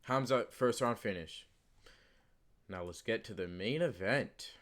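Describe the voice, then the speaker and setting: A man with a fairly low voice talks off the cuff, with no script. He circles back on his points, stumbles into fillers and restarts, then presses hard on the same claim again. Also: a little slow, fairly bright tone. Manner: rambling, many fillers and restarts, emphatic repeats. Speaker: channel host giving fight predictions. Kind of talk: casual unscripted commentary.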